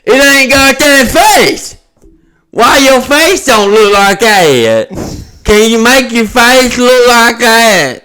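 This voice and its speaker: A man putting on the voice of a whiny, dim adult male fan who pleads in a slow, high whine. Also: animated, sharp tone, clean tone, heavily acted. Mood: whining.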